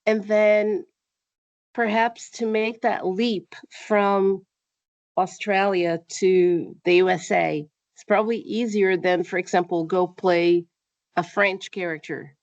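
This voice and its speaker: A woman's voice: medium pitch, steady tone, slow, no room sound. Woman asking winding questions, dull dry sound. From Brazil. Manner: thoughtful, long winding questions. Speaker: interviewer. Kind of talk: casual interview chat. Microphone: video call. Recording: dull, dry video-call audio.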